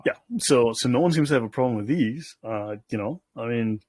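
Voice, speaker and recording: Speaking fairly quickly in a medium-pitched, slightly mellow voice with no echo, this host reads documents out loud and offers casual, sardonic remarks. He often checks in with his listeners by asking "okay?".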